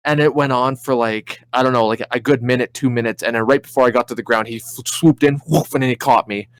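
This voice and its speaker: Male co-host, under 40, animated storyteller who swears a lot, dry close mic. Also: medium pitch, fast, no echo. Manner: animated storyteller, swears often, acts out his own reactions. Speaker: podcast co-host. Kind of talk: casual podcast chat.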